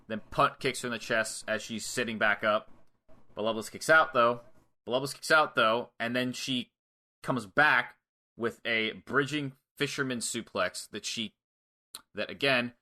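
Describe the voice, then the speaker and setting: A man's voice: mid-range voice, moderate pace. A young man co-hosting a podcast, casually recapping a wrestling match blow by blow and acting out what the wrestlers say. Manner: animated play-by-play with acted-out quotes and swearing. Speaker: podcast co-host.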